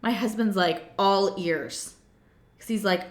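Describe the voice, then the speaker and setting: A woman coach giving a playful, animated motivational talk. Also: mid-range voice, slow pace. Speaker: self-love coach. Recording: roomy echo.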